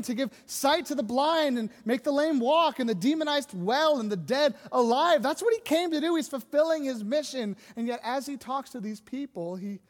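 Pastor preaching in a church, high voice, chatty, keeps asking the room questions, long echo. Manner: conversational, asks the congregation rhetorical questions. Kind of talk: sermon. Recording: long hall reverb.

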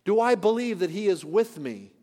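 A high-pitched man preaches to his congregation with earnest, searching questions. His voice swings from loud declarations to hushed asides. A long church reverb trails every phrase. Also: sing-song, normal speed. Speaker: pastor. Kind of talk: sermon. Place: church sanctuary.

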